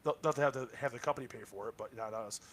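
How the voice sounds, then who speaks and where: Bright-voiced man on a loose, casual podcast. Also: medium pitch, a little hiss or hum. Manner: repeats "right, right" in quick agreement; loose, joking, laughs often. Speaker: podcast co-host. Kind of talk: casual live podcast chat.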